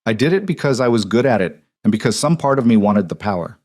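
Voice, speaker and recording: A man voicing a dangerous, guarded young mafia boss with a low, restrained, confessional delivery. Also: very animated, fast talker, darkish tone, dry recording.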